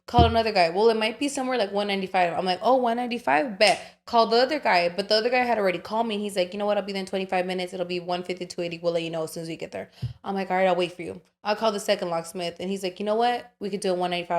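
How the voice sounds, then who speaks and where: A young woman co-hosting a podcast, telling a story in casual chat, animated and swearing, acting out the voices of other people. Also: mid-range voice, very fast. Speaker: podcast co-host.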